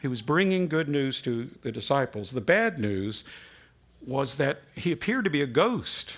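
A man pastor giving an unhurried, folksy sermon with prayer and jokes, often repeating words as he starts a sentence. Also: medium pitch, big pitch swings, lo-fi sound. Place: church sanctuary.

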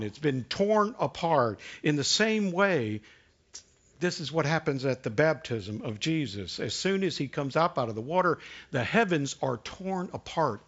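A man preaching a sermon in a conversational way, asking the congregation questions and dropping to a hush for emphasis. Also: on the high side, highs cut off. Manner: conversational preaching, rhetorical questions, dramatic hushed drops. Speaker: pastor.

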